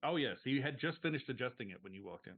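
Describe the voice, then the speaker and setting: A man's voice: medium pitch, lively intonation, fast. A man narrating a tabletop role-playing game as game master, in a casual way full of fillers. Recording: tinny phone-like stream audio.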